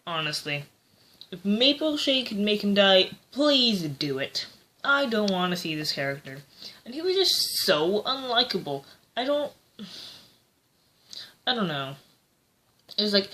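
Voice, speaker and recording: Slow-talking rambling woman reviewer. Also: medium pitch, sing-song, sharp tone. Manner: rambling, hesitant, lots of fillers. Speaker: book reviewer. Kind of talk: casual book review vlog.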